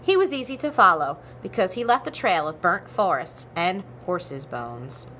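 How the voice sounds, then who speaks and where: A woman narrating a children's storybook with an animated, expressive read. Her voice swings widely in pitch and has a bright, forward tone, with faint background noise behind it. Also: normal speed. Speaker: storybook reader.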